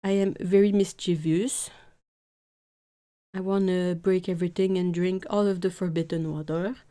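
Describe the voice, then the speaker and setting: A woman voicing her female house cat as a big mischievous baby, speaking slowly in a babyish first-person voice. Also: lowish voice, steady tone, dark tone, lightly acted.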